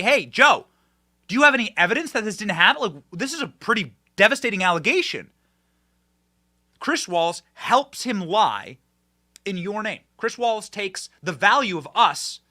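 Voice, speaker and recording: Fired-up, bright-voiced male commentary host. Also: fairly high pitch. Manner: emphatic, swings from shouting to hushed.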